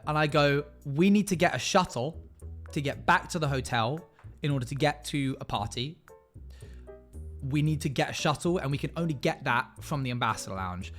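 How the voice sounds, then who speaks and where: A man's voice: fairly high pitch, lively intonation, measured pace, long pauses, fairly bright tone, soft background music. A man streaming live, telling a story to his chat in a casual way and acting out the other people in it.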